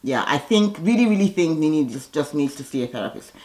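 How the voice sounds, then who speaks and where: A woman with a slightly low voice recaps a reality show episode in a loose, fairly quick way. Blunt and sassy, she animatedly fires off sharp opinions about the cast.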